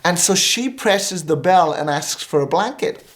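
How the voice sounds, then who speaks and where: A male minister, a guest on a talk show, tells a story with lively energy and acts out the voices of the people in it. His voice sits a little high for a man. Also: a little slow, a little hiss or hum. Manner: animated, acting out quoted dialogue.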